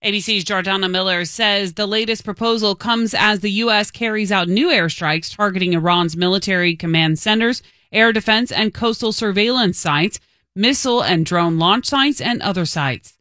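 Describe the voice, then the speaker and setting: A woman anchors a radio newscast at a studio mic, reading in a crisp, steady, even-pitched voice. The sound is close and dry, with no room echo. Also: moderate pace.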